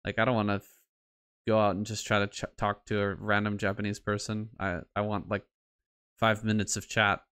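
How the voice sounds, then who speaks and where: A man in casual podcast chat, talking haltingly with many fillers and restarts. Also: fairly low pitch, monotone, fairly bright tone, smooth, dry recording, clean studio sound. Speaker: podcast co-host.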